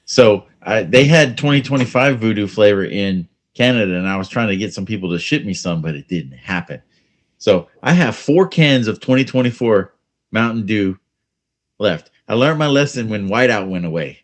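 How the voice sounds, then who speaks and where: A man's voice: fairly low pitch, animated, moderate pace. A man co-hosting a casual chat show over a remote call, chatty and joking. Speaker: podcast co-host.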